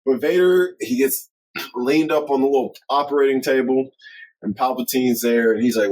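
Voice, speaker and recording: A man's voice: medium pitch, moderate pace, low-quality recording. A man co-hosting a podcast, reviewing a film in casual chat, swearing a lot, laughing often and acting out characters. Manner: profane, animated, laughs often, acts out characters. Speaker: podcast co-host.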